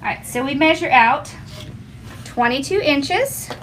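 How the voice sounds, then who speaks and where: A woman's voice: high-pitched, animated, unhurried, fairly bright tone, slight background noise. A woman hosting a casual craft tutorial at home, chatty and homey, talking to her viewers and her dog. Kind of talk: casual how-to demonstration.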